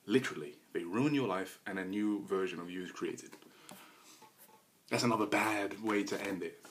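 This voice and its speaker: A man rambling through a crude, joking solo monologue as a podcast host, swinging into loud bursts of mock bravado. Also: lowish voice, moderate pace, slight background noise.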